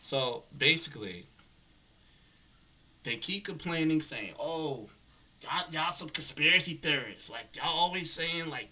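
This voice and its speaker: A man talking casually on a livestream from his computer, rambling and repeating himself with frequent restarts. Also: fairly high pitch.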